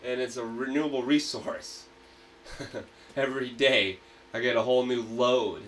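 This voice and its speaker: Bright-voiced man hosting a livestream. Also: mid-range voice, steady tone, measured pace, recorded from a distance, slight background noise. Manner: hyped, profane ranting. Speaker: livestream host. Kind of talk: casual livestream banter.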